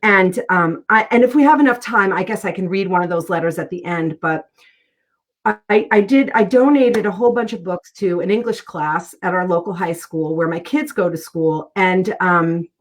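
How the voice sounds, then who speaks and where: A woman's voice: on the low side, moderate pace. A middle-aged woman, a guest author in a casual interview, talking in an earnest, heartfelt way as she tells personal stories.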